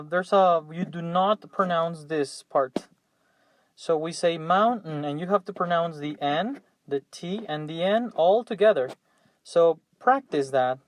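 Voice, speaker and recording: A man's voice: fairly high pitch, dry recording. A young man teaching English vocabulary, patiently repeating each word three times for students. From Mexico. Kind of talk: classroom vocabulary drill.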